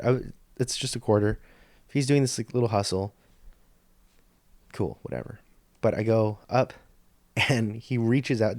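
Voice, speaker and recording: A man's voice: medium pitch, a little mellow, dry recording. A man hosting a podcast, telling a story in a rambling, profane, stop-start way into a studio microphone. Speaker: podcast host. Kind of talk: casual storytelling monologue.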